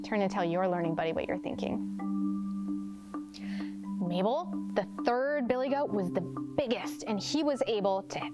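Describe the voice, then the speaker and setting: A woman kindergarten teacher reading a story aloud and gently asking young children questions about it. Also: on the high side. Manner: gentle, expressive, prompting questions.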